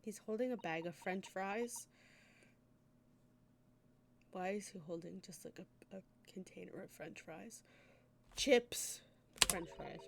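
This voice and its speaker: A woman's voice: mid-range voice, slow pace, creaky, long pauses, a bit bright, a little hiss or hum. Woman tossing amused offhand asides. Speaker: streamer. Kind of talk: casual game-stream commentary.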